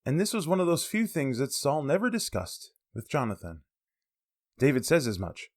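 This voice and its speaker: A man giving a sermon that explains a Bible passage, lively and expressive, with casual asides. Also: mid-range voice, moderate pace. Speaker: preacher.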